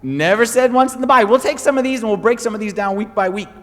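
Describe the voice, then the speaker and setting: Guy pastor preaching, high voice, lots of repeating for emphasis, long hall reverb. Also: quick pace. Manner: animated storytelling, emphatic repetition. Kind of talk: sermon.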